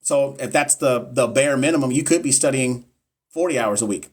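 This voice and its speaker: A man's voice: mid-range voice, normal speed. A young man, a nurse educator on a casual live stream, answering viewers bluntly and with swearing, repeating himself for emphasis. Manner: blunt, profane, repetitive and emphatic.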